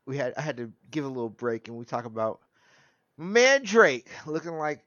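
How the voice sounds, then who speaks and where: Animated man in his thirties. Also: medium pitch, normal speed, dry recording, dull audio. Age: 30s. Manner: animated, rambling, laughs often. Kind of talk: casual chat.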